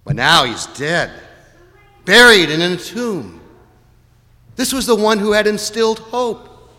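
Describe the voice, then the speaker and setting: Man, pastor, sermon, dramatic, hushed to loud, bright forceful voice, long church reverb. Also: mid-range voice.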